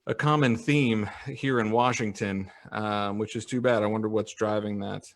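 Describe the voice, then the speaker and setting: Man co-hosting a casual beer podcast. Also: lowish voice. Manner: relaxed, halting, many fillers, reads viewer comments. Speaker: podcast co-host. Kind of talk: casual live-stream chat.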